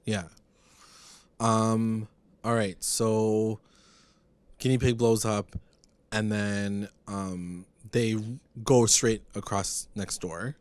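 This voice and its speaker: A man's voice: fairly low pitch, level tone, drawn-out words, long pauses, smooth, dry recording. A man co-hosting a podcast, recapping a TV episode in casual chat, rambling and full of fillers. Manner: rambling, filler-heavy, retells scenes. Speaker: podcast co-host.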